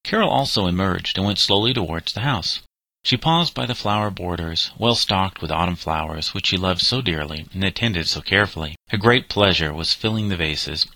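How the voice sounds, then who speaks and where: Low-voiced guy reading an audiobook, bright tone, dry close mic. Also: no echo, poor audio. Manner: measured, clear storytelling. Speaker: narrator. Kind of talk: audiobook narration.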